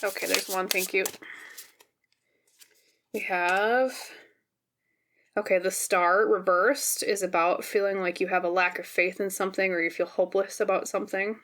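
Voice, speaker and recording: A woman giving a pick-a-card tarot reading on camera, gentle and reassuring, often checking in with "okay?". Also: mid-range voice, steady tone, normal speed, pauses often, slight background noise. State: briefly teary and emotional. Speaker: tarot reader. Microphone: camera mic, seen on camera.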